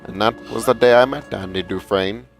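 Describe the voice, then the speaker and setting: A grave older narrator who speaks slowly and solemnly, as a man puts him on. The delivery is measured and weighty. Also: on the low side, faint music behind, lightly acted. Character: impression of an older male narrator, slow and grave.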